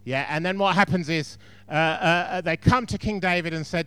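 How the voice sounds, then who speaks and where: A man's voice: a little high, normal speed, few pauses, pushed and bright, smooth, no echo. A man preaching a sermon in a chatty storytelling way, with frequent asides to the congregation.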